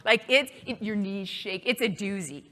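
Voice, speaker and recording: Bright, lively woman keynote speaker. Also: mid-range voice, moderate pace. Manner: lively, chatty, playfully acts out inner thoughts. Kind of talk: live talk to an audience.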